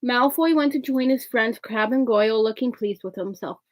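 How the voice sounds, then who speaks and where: A woman's voice: a little high, normal speed, dry recording, low-quality recording. A woman reading a novel aloud, often stumbling over words and correcting herself. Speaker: reader.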